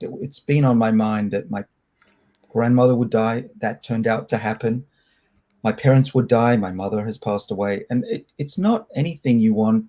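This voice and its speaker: A middle-aged man from Australia, a scientist answering interview questions in a candid, reflective, loose and halting way. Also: medium pitch, warm tone. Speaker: scientist guest.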